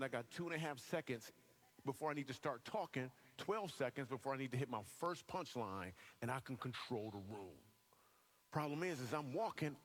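A man in his thirties preaching a sermon to a live church audience, telling funny stories with lively joking asides. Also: fairly high pitch. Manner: animated storyteller, bursts of quick delivery and joking asides.

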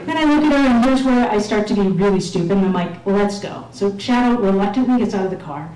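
A woman's voice: mid-range voice, fast, mellow, faint music behind. A woman telling a self-mocking personal story to an audience, sometimes acting out the voices of others. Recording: echoey room, mic at a distance.

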